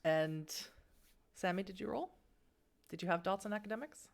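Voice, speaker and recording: A woman's voice: mid-range voice, moderate pace, gravelly. A woman narrating as game master of a tabletop game, chatty, with many fillers.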